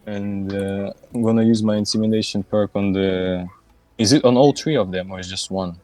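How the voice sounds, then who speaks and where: A man's voice: lowish voice, fairly even intonation, normal speed, mellow. A man playing in a tabletop game, talking casually and bluntly, with some swearing. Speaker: player.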